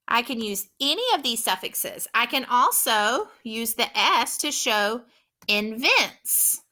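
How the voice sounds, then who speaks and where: A woman teacher giving a slow, clear, encouraging phonics lesson to children. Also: a little high, lively intonation, sharp tone.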